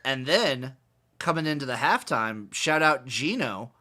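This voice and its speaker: A man's voice: mid-range voice, animated, unhurried, sharp tone. A man co-hosting a podcast in loose casual chat, joking and asking his partner questions. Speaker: podcast co-host.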